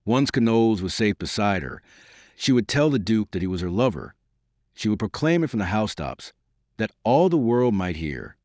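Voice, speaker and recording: An audiobook narrator, male, reads from a novel in a measured and expressive storytelling voice, following a script. His pitch is fairly low, and the studio-quality audio has no room sound.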